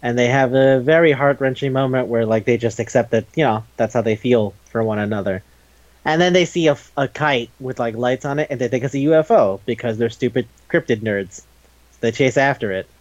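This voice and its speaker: A man's voice: medium pitch, brisk, no room sound, lo-fi sound. A man hosting a podcast, recapping a story in a loose, rambling way with lots of fillers, frequent laughs and casual swearing. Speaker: podcast host.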